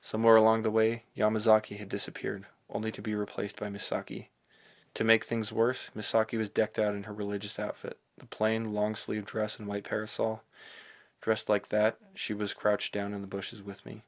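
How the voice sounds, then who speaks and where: A man narrating a novel in the first person, in a rambling, excitable inner monologue. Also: fairly low pitch, normal speed. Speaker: audiobook narrator.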